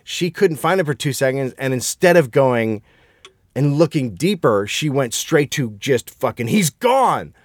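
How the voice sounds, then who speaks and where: Profane storytelling podcast host. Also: male voice, mid-range voice, normal speed, dry recording, studio quality. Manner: profane, animated storyteller acting out quotes. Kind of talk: casual storytelling chat.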